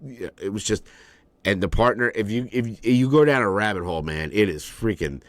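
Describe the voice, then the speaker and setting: A man co-hosting a podcast in casual chat, rambling, animated and swearing freely. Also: lowish voice, moderate pace, no room sound. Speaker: podcast co-host.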